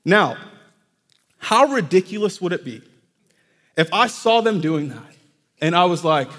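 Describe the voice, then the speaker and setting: High-voiced pastor in a reverberant church. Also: male voice, expressive, measured pace, a bit bright. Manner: conversational, addresses congregation directly. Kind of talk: sermon. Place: church sanctuary. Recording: long reverb of a church hall.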